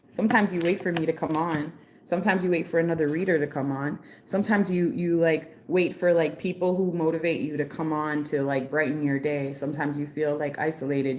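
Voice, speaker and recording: A woman's voice: sits low, a little fast, hardly any pauses, darkish tone, a little hiss or hum. A woman giving a chatty, slangy live-stream tarot reading, talking straight to one viewer with lots of "like" and "okay". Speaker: tarot reader.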